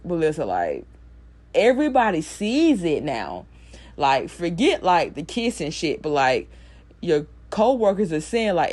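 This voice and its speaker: A young woman giving a blunt, animated recap of a TV episode, swearing freely. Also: on the low side. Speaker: TV recap vlogger. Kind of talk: casual profane show recap.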